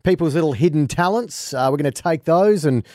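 A man's voice: on the high side, animated, a little fast, mellow, no room sound. A man hosting a breakfast radio show, joking and laughing often in casual banter from a studio microphone. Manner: jokey, laughs often, teasing.

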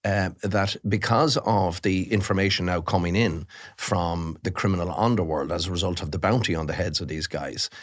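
A man's voice: sits low, moderate pace. A middle-aged Irish man, a crime journalist, talking emphatically in a podcast interview with frequent restarts.

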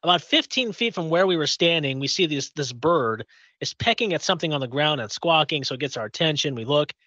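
A man's voice: on the high side, expressive, brisk, pushed and bright, dry recording, dull audio. A man from Indiana co-hosting a podcast, chatting casually and telling a long story with many fillers and restarts. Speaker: podcast co-host. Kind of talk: casual chat.

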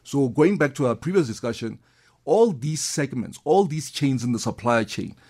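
A man's voice: medium pitch, lively intonation, normal speed, darkish tone. A man, a guest expert explaining things enthusiastically in a conversational interview. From South Africa.

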